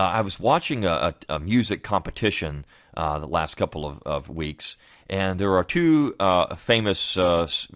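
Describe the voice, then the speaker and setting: Deep-voiced guy hosting a review show, rambly, lots of restarts, dry close sound. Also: fairly bright tone, no room sound. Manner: rambling, frequent restarts and fillers. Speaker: podcast host. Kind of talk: casual spoken commentary.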